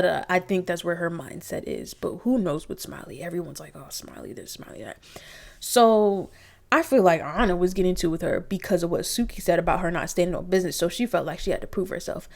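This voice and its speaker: Animated young woman reviewing reality TV. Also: lowish voice, brisk, creaky. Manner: animated, profane, acts out quotes in exaggerated voices. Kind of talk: casual episode review. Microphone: computer mic.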